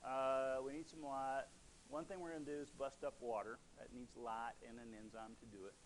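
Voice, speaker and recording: A Texan man runs a classroom lecture and keeps drifting into jokes and side stories before getting back to the lesson. His voice sits at a middle pitch, with a faint hiss under it. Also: level tone, moderate pace, low-quality recording. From Texas. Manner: chatty, rambling into joking asides. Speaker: teacher.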